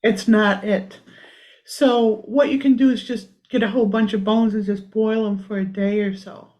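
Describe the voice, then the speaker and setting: A woman energy healer leading a private session, singing simple repeated lines softly and chatting between them. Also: on the high side, steady tone, normal speed. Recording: dull lo-fi audio.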